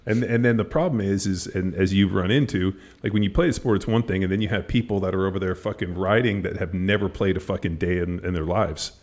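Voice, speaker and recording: A man's voice: low-pitched, fast talker, hardly any pauses. A middle-aged man hosting a podcast, telling stories animatedly, swearing freely and acting out what people said. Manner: animated storyteller, swears freely, acts out quotes. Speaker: podcast host. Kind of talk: casual podcast chat.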